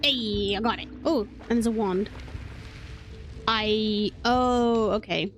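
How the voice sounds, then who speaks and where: A woman's voice: medium pitch, slow, faint music behind. A woman from Wales with a British accent, chatting playfully and rambling through live gameplay commentary as a streamer. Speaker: game streamer.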